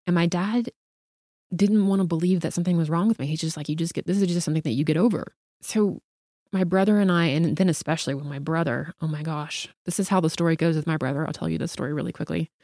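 A middle-aged woman with a low-pitched voice tells a personal story as a podcast guest. She talks in an animated, chatty way, full of "like" fillers. The sound is dry and close, with no room around it. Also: fast talker, no echo. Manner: animated, talkative, frequent "like" fillers.

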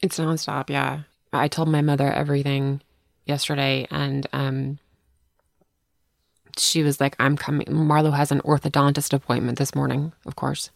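Low gravelly woman telling stories. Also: flat delivery, moderate pace, no room sound, studio quality. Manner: rambling, self-deprecating storyteller. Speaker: podcast co-host. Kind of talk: casual chat.

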